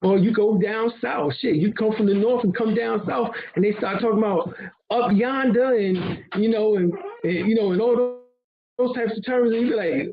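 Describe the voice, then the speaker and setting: A high-pitched man with a husky, slightly breathy voice talks loosely in a casual discussion, laughing and dropping the odd curse as he explains. The recording sounds dull and lo-fi. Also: moderate pace. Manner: loose and conversational, laughs and swears. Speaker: co-host.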